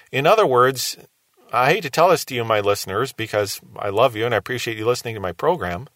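A man's voice: mid-range voice, a bit bright, no room sound. A man giving a radio Bible teaching in an earnest, reasoning way, posing rhetorical questions to his listeners.

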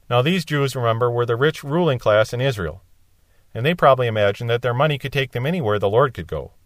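A medium-pitched man teaches a Bible passage verse by verse at a slightly fast pace, explaining it plainly and raising his voice to stress quoted cries and lines. The recording is dry and studio quality.

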